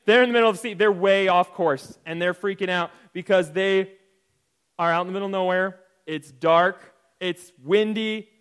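A man's voice: high voice, moderate pace, a bit bright, smooth. A young man teaching a playful, jokey Bible lesson to children, often asking the audience questions. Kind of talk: lively kids' Bible lesson.

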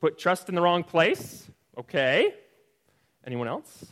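A man with a high, very lively voice that jumps all over as he teaches a children's Bible lesson. He tells the story in a playful, jokey way and keeps calling on the kids to join in. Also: slow. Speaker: Sunday school teacher.

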